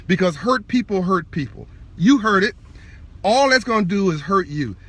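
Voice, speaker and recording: Man on a live video, husky voice, swooping inflection, fervent sermon-like delivery to camera. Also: sits high. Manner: fervent, direct, preachy, repetitive emphasis; insists on being calm and measured. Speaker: speaker addressing online viewers. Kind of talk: impassioned live-video monologue.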